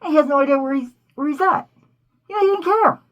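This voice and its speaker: A woman hosting a cartoon commentary, talking in an animated, indignant way full of rhetorical questions. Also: sits high, quick pace, dull audio. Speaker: host.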